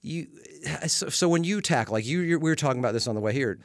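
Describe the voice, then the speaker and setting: A man's voice: a little high, expressive, fast talker. A male stand-up comedian with a Southern US accent, chatting casually and thinking aloud with restarts. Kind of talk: casual conversation.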